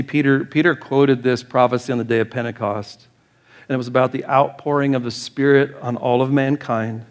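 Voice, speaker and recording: A man with an American accent, preaching a sermon as pastor, growing impassioned and pleading as he goes. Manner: impassioned, rising to urgent high-pitched pleading.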